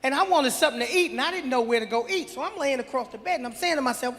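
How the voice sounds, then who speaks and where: A man invited on stage, telling his side of a story in a relaxed, slightly stammering way. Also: very high-pitched, rapid-fire, big-room sound. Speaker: comedy show guest.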